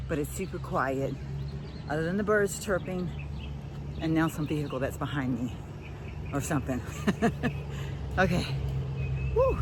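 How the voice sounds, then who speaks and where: A woman chatting casually to her phone camera, rambling and often calling her viewers y'all. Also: low voice. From Texas. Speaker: lifestyle vlogger. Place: at home, then walking outdoors and in a car. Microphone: phone camera at arm's length. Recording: phone audio with outdoor and car noise.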